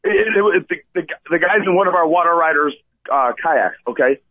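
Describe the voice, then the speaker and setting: A man co-hosting a talk radio show, telling a rescue story in an animated way and often asking "okay?". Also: fairly high pitch, brisk, dry recording. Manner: excitable, repeats "okay?" and addresses Coach. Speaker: radio co-host and kayak tour operator. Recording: tinny phone-line sound, dry.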